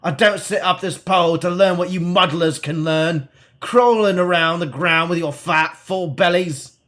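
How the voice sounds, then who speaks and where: A man voicing a crabby, shaggy old hermit on a pillar with a put-on Cockney accent, bawling high and fierce. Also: a little slow, fairly bright tone.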